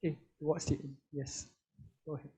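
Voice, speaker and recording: Guy moderating a panel q&a, brisk short cues, mellow tone, kinda high voice. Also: monotone, slightly rough.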